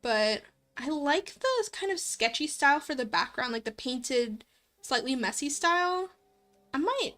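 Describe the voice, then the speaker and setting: A woman's voice: high-pitched, pushed and bright. A young woman streaming a horror game, chatting casually, laughing often and nitpicking the art. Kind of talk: let's play commentary.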